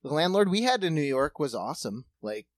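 A man co-hosting a comedy chat, riffing quickly with jokes and swearing. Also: a little high, big pitch swings. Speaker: comedian podcast co-host. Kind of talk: casual comedic banter.

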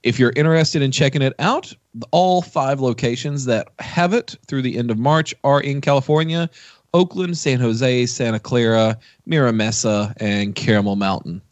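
A man's voice: mid-range voice, moderate pace, no echo. A man co-hosting a casual podcast, reading out a news item and adding dry asides. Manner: reads copy with dry asides. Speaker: podcast co-host.

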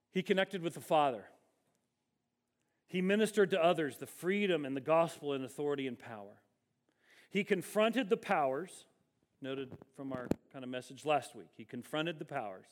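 A man preaching with a noticeably high voice, leaning into his points with emphasis. He slows right down to stress the key phrases of his sermon. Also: lively intonation. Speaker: pastor.

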